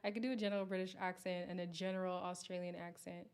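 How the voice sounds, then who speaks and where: Animated woman hosting a live chat. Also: fairly low pitch, quick pace, smooth. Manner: animated, exclaiming and reacting to comments. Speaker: host of a live recap stream. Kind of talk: casual live chat answering viewers.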